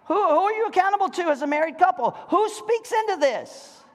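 Brief: middle-aged male pastor, very high voice, preaching with rhetorical questions, sanctuary reverb. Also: expressive, brisk. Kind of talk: sermon. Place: church sanctuary. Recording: reverberant church hall.

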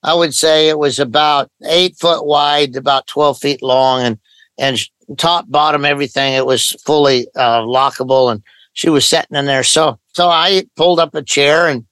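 An older man from Idaho speaks in a slightly high, light voice, unhurried and matter-of-fact as he recounts a story. He often quotes other people's dialogue as he goes. The recording is close and dry, with almost no room sound. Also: fairly even intonation, fairly bright tone, smooth, no echo, poor audio. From Idaho, USA. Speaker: pastor, guest. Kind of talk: storytelling in a podcast interview.

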